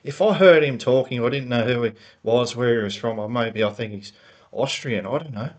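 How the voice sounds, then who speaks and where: A man's voice: medium pitch, moderate pace. A man ranting unscripted as a motorsport fan vlogger, rambling and heated, often repeating words and restarting his sentences into a laptop mic. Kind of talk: unscripted opinion rant. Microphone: laptop built-in mic.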